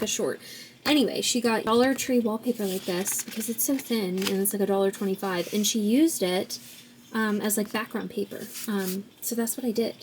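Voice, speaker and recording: A woman's voice: medium pitch, a little hiss or hum. A woman vlogging casually from her desk at home, bubbly, laughing often and swearing when annoyed. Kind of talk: casual chat.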